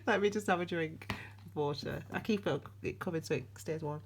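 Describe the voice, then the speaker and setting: A woman's voice: deep voice, a little fast, husky. A woman, giving a casual tarot reading to camera in a chatty, rambling way, laughing and restarting her sentences. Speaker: tarot reader. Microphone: camera on desk.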